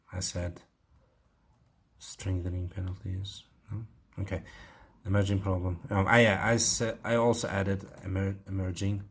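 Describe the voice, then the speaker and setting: A man's voice: low-pitched, slightly rough. A man with an Uzbek accent, teaching IELTS writing and thinking aloud with many fillers as he corrects an essay.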